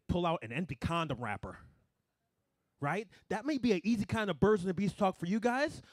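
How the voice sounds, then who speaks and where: A young man doing a stand-up comedy set, animated, swinging between mumbled asides and loud punchlines. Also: fairly high pitch, dry recording, clean studio sound.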